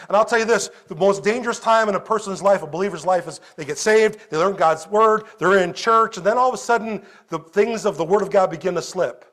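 High-voiced preaching pastor, man. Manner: animated preaching, swinging from loud exclamations to quiet storytelling. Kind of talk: sermon. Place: church service.

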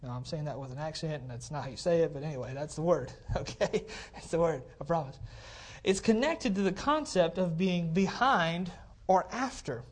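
A man's voice: on the high side, lively intonation, normal speed. Brief: male pastor, conversational sermon in a church, cordless mic, emphatic repetition, frequent "okay? all right?". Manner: repeats phrases for emphasis. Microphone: cordless handheld mic.

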